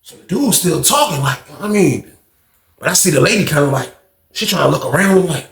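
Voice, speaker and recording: A man's voice: fairly high pitch, lively intonation, brisk, creaky, fairly bright tone, roomy sound. A man casually telling a story in a loose, rambling way full of slang.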